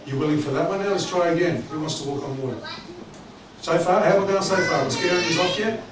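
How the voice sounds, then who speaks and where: A man preaches with lively, joking, conversational energy, his voice sitting a touch high. He is heard from a distance in a very echoey church hall with clear background noise. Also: quick pace, a crowd in the background. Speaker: pastor. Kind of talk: sermon.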